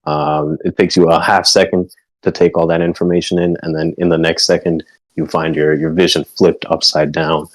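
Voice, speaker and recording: A very deep-voiced man narrating a tabletop game as game master, loose and casual, full of filler words and the odd curse. The sound is dry and close, with no room echo. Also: little pitch movement, normal speed. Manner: casual, lots of fillers, occasional swearing.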